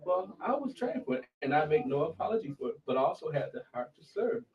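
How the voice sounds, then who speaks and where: A man's voice: on the high side, very animated, fast talker. A man co-hosting a local political talk show in a casual, blunt and emphatic way. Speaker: political show co-host, former county commissioner. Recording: muffled sound from a distant mic.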